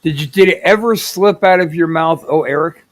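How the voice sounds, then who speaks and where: A man's voice: a little high, moderate pace. A man co-hosting a casual podcast, ribbing his partner with crude jokes. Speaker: podcast co-host. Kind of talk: casual joking chat.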